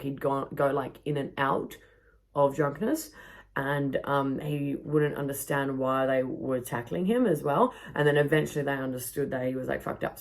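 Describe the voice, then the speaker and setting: A young woman tells a story on her podcast, rambling and swearing freely. Her voice has a gravelly fry, and she pads her sentences with "like". She is recording outdoors in a backyard. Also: low voice, darkish tone. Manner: rambling, swears a lot, fills with "like". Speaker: podcast host.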